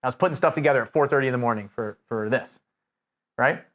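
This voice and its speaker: A man's voice: medium pitch, fast talker, fairly bright tone. A man coaching real estate investors in a casual, conversational way, with many restarts and fillers. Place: Nashville.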